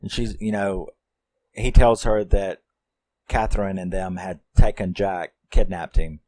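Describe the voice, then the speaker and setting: Guy going over a movie plot real slow, kinda low voice, rambly, drops the odd swear. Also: fairly even intonation, warm tone, rough recording. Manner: rambling, loose, with many fillers and some swearing. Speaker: film reviewer. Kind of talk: casual plot recap.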